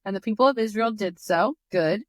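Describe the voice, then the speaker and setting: A woman's voice: medium pitch, a little fast, no echo. A young woman hosting a Bible study, reading passages aloud and breaking in with chatty, sarcastic asides. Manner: reads scripture then reacts with chatty, sarcastic asides. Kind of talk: casual Bible reading with commentary.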